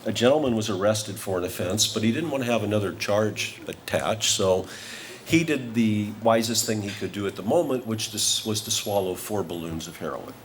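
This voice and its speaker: An award honoree with a lowish voice gives a humorous acceptance speech at a moderate pace. He tells a comic story with careful timing.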